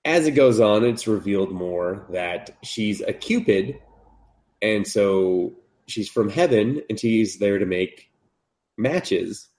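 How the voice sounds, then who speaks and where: Lower-voiced man recapping an anime, swearing. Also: slow pace. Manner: profane, animated retelling, jumps into high voices for characters. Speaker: podcast co-host. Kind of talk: casual chat, recapping an anime with acted quotes.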